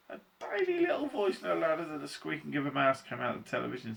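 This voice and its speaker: A male teacher reading a storybook aloud to a class in an expressive, animated way. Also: a little high, fast talker, vocal fry.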